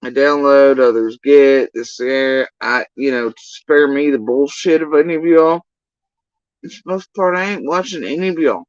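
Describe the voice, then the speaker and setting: A man's voice: mid-range voice, moderate pace, no room sound, muffled recording. A man ranting on a livestream in an exasperated, profane, rambling way. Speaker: livestream commentator.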